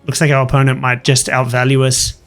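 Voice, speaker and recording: A man's voice: medium pitch, a little fast, soft background music. A man hosting a gaming channel, casually commenting on his matches and telling stories from work. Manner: chatty, animated anecdote-telling over gameplay.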